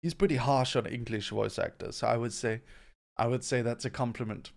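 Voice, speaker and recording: A man with a gravelly, creaky voice hosts a loose livestream Q&A, reading chat questions aloud. His answers ramble in a relaxed, offhand way at a mid pitch. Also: brisk. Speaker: company CEO answering viewer questions. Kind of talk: casual livestream Q&A.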